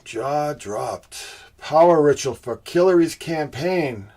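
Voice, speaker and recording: A man's voice: mid-range voice, measured pace, a little mellow. A man hosting a livestream, out of breath and congested, hesitating with many fillers as he thanks viewers by name and makes insinuating asides. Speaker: host of a livestream presentation. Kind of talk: casual livestream chat, reading viewer comments.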